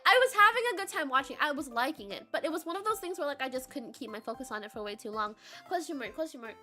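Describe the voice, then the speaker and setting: A woman chatting casually on a stream, reading out chat and rambling with lots of filler words, sometimes breaking into laughing shouts. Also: sits high, expressive, fast, soft background music.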